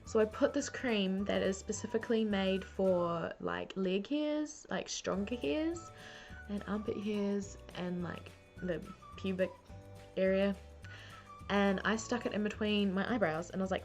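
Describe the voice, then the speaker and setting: A woman's voice: medium pitch, a little slow, a little mellow, faint music behind. A young woman telling funny stories to camera, chatty and self-mocking, full of "like". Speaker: beauty vlogger. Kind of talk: casual storytelling to camera. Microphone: camera mic.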